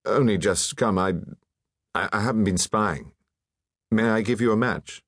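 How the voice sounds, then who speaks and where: A humble, diffident young gentleman, played by a male narrator, hesitant and stammering, lifting into eager bright notes in a storybook reading. Dry, close sound with a deep voice pushed upward. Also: a little slow, dry recording.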